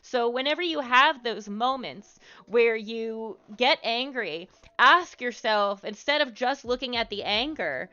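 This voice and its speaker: A fairly high-pitched, expressive woman hosts a livestream, speaking at a measured pace with few pauses in a sharp, clear, resonant tone. Her social advice comes out loose and frank, laced with "like," "um," and casual profanity. Faint music plays under slightly muffled stream audio.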